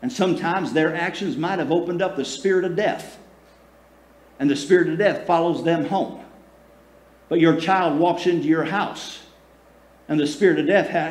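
A man preaches a sermon in a fairly high voice, in a roomy church that echoes. He calls out for answers from the congregation and shifts between booming emphasis and slow, hushed lines. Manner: preaching with calls for audience response; swings between loud emphasis and soft, slow passages. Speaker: pastor. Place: church sanctuary. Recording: echoey room.

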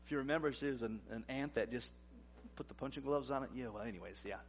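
A man in his forties, a pastor preaching a sermon in a conversational way, swinging between loud emphasis and quiet asides. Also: mid-range voice, fast, slight background noise. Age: 40s. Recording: dull, lo-fi recording.

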